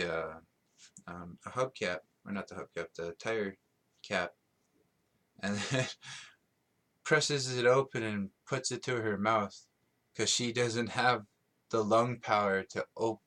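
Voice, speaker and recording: Low-voiced man rambling on a podcast. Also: pushed and bright. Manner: rambling, many ums and restarts, laughs at himself. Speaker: podcast host. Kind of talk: casual solo podcast rambling.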